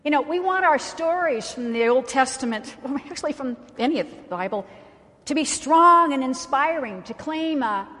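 A woman's voice: sits high, lively intonation, normal speed, a bit bright. A woman pastor preaching a sermon in a conversational way, with wry asides. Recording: reverberant church sanctuary.

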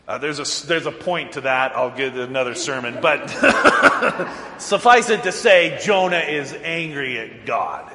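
A man's voice: a little high, slight background noise. A man preaching a sermon as a pastor, telling the story with animation, chuckling often and acting out the lines. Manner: animated, chuckling storyteller who acts out quotes. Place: church sanctuary. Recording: echoey church hall.

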